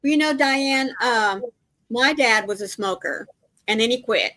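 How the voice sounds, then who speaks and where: Woman co-host, affectionate chatty storyteller, slightly high pitch. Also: a little slow. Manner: warm, affectionate greetings to viewers, storytelling. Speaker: livestream co-host. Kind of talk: casual live chat.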